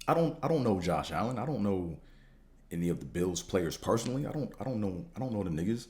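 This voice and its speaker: A man hosting a podcast, talking in a casual, slangy, profane monologue that rambles and jumps higher when he gets fired up. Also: sing-song, fast talker, a little mellow. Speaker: podcast host.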